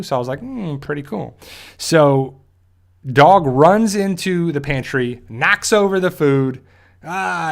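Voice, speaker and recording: Rambling man recapping an episode. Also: medium pitch. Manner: rambling with frequent fillers and restarts. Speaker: show host. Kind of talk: casual episode recap and review.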